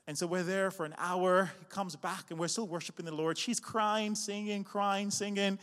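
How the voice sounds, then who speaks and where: A male pastor preaching, swinging from loud, rising refrains to a chatty storytelling manner full of fillers and restarts. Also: high-pitched, steady tone, normal speed. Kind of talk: sermon. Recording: long hall reverb.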